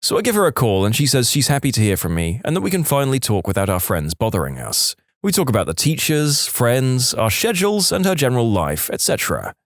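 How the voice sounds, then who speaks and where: A man's voice: mid-range voice, fairly quick, hardly any pauses, no echo, studio quality. A man reading internet stories aloud as a podcast narrator, telling them expressively. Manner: expressive storytelling. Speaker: story narrator.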